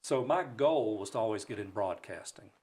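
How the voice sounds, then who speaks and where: A man from Alabama, a broadcaster guest, telling lively, self-mocking stories in a studio interview. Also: lowish voice, normal speed, husky. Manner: animated, self-mocking storyteller. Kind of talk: storytelling in a talk show interview. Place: radio studio.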